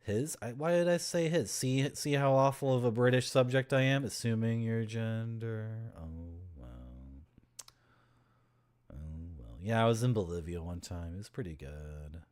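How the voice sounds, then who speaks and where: A man's voice: mid-range voice, lively intonation, normal speed, darkish tone. A man from Toronto, chatting and joking with his chat while playing a game, laughing often. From Toronto, Canada. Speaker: streamer. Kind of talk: casual gameplay commentary.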